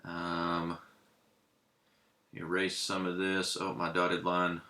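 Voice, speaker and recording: Male teacher, low voice with a bright edge, halting and full of fillers, echoey room. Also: monotone. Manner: hesitant, many ums and uhs while writing. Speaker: Hebrew teacher. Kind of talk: casual classroom lesson.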